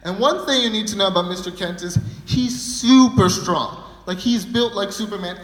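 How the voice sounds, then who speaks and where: A man's voice: sits high, normal speed, fairly bright tone. A young man performing a stand-up comedy set, telling a rambling story full of fillers. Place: live comedy venue. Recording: echoey hall.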